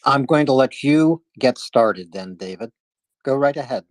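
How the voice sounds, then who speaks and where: A man in a casual live audio chat, explaining things in a measured, patient way. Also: medium pitch, lively intonation, no echo.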